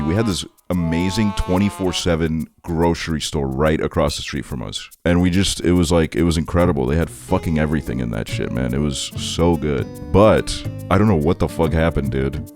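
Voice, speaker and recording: A man's voice: deep voice, darkish tone. A young man casually telling a long travel story, rambling and swearing with lots of filler words. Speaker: streamer. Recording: music bed behind the voice. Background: guitar music.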